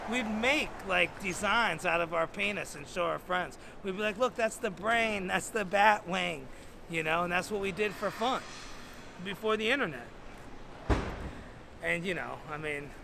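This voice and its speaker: A man's voice: high voice, normal speed, vocal fry, noisy background. Rambling crude storytelling comedian man. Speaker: stand-up comedian. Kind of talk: stand-up storytelling.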